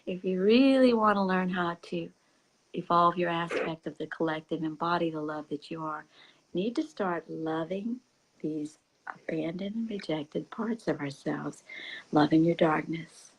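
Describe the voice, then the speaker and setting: Soft-spoken woman sharing spiritual reflections. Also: on the low side, unhurried, husky, rough recording. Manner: soft and intimate, often dropping to a whisper; laughs easily. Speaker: spiritual teacher.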